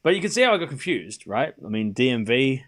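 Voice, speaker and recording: A man in his young adult years hosts a live tennis watchalong, mixing point-by-point calls with casual banter to his chat. His voice is lively and swings widely in pitch, sitting in an ordinary middle register. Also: fast. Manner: chatty, reads out viewer locations between play calls. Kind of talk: live stream commentary and chat.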